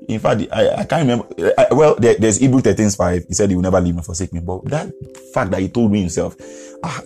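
A lower-pitched man with a mellow, relaxed tone delivers a podcast sermon. He preaches earnestly and repeats his points, chuckling between them. Faint music plays behind him.

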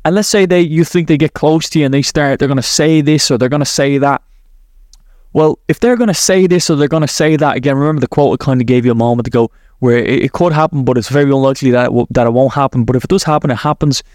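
A man's voice: mid-range voice, fast talker, a little mellow, dry recording, studio quality. A man hosting a podcast who talks listeners through a visualization exercise, rambling and correcting himself as he goes. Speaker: podcast host, NLP coach. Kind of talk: guided visualization talk.

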